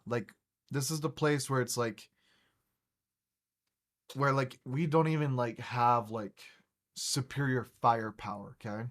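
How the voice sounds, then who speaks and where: A man hosting a gaming podcast, spinning a long casual story at a middle pitch. He swears freely and stumbles into restarts as he goes. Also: steady tone, a bit bright. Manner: rambling, profane, halting restarts. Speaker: podcast host.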